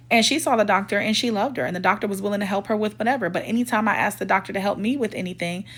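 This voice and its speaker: A woman's voice: medium pitch, fairly bright tone. A woman telling a personal storytime in a casual, emphatic and indignant way, voicing the people in her story as she goes. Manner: emphatic, indignant retelling that acts out quoted dialogue. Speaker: storytime vlogger.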